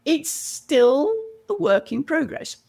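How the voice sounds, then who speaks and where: A woman's voice: sits high, slow pace, vocal fry. A middle-aged British woman, a communication coach, telling stories in a podcast interview and acting out what others said. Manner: animated storyteller, acts out quoted voices.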